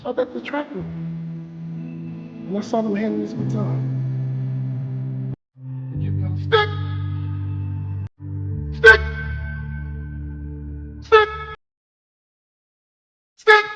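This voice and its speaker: A man's voice: extremely high pitch, gravelly, pushed and bright, dull audio. A man giving a motivational speech to a live audience, with an emphatic, repetitive, preacher-like rhythm and call-and-response questions to the crowd. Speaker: motivational speaker. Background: background music.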